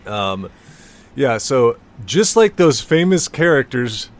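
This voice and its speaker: A man's voice: mid-range voice, sing-song, takes it slowly. A man co-hosting a podcast in casual comedic chat, laughing often and mocking quotes he reads aloud. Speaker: podcast co-host.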